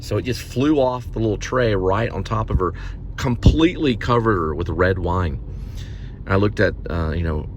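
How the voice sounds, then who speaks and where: A man telling rambling personal stories in a casual vlog, with sudden high mocking voices for the people in them. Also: slight background noise. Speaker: vlogger.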